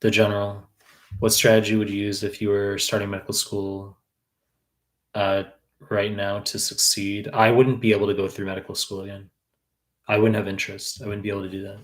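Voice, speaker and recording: A man's voice: on the low side, monotone, a little fast. A man in his thirties from New York, a tutor answering viewer questions on a live stream in a blunt, profane way with many fillers. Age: 30s. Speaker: exam prep tutor.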